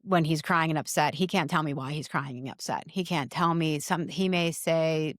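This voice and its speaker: A woman in her forties, a mother talking earnestly in an interview, in quick bursts with many restarts. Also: low-pitched, dry recording, clean studio sound. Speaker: guest, mother. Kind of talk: conversational interview.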